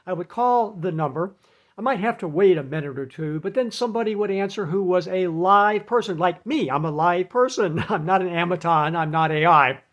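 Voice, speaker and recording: A man giving casual advice in an animated, chatty way, laughing at his own jokes. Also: sits high, a little fast. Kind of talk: casual talk to camera.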